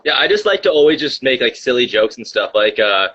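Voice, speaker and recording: Bright, husky, teasing man. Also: medium pitch, sing-song, muffled recording. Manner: quick-witted, teasing. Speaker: guest streamer. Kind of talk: casual chat.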